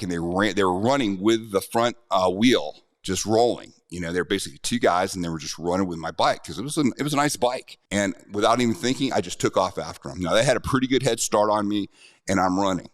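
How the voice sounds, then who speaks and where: Middle-aged guy, really low voice, dry close sound, chatty earnest storytelling. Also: no room sound. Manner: conversational, earnest, with restarts. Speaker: self-defense instructor. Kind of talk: personal storytelling to camera.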